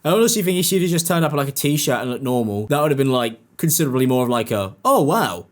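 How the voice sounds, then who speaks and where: A man giving sarcastic commentary, mocking and animated, often jumping into high-pitched impressions. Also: fast. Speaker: commentary YouTuber.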